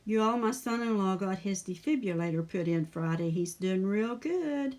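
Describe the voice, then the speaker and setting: A woman's voice: medium pitch, lively intonation, normal speed, darkish tone. An older woman hosting a scrapbooking channel, chatting casually and greeting viewers by name while she works on a page. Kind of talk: casual crafting livestream chat.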